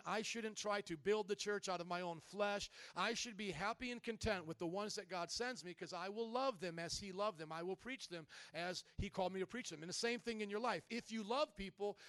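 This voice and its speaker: A male pastor preaching a sermon in a lively way, leading the congregation in call-and-response. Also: high-pitched, no echo.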